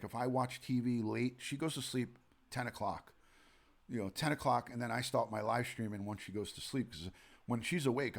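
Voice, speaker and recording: A man's voice: mid-range voice, gravelly. A man in his forties with a New York accent, a retired detective hosting a rambling late-night live stream from home, chatting and greeting viewers by name. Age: 40s. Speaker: livestream host, retired detective. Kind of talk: casual live-stream chat.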